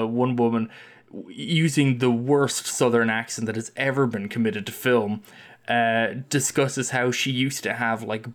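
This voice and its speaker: Brief: man, mid-pitch, casual podcast co-host, digressive and wry. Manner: rambling, restarts often, wry. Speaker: podcast co-host, film discussion. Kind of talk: casual chat.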